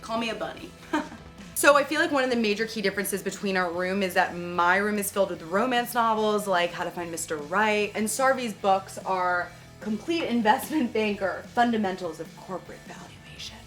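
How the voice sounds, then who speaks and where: A woman's voice: medium pitch, normal speed, a bit bright. A bubbly, upbeat woman in her twenties from New York, chatting as host of a home tour vlog. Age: 20s. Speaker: video producer and host. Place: her apartment. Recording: echoey room, faint background music.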